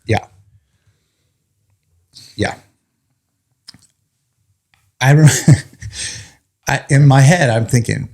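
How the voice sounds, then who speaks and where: Speaking very slowly with long pauses at medium pitch, a firefighter recounts his story in a relaxed conversation. He's animated and jokey, voicing other people's lines as he goes.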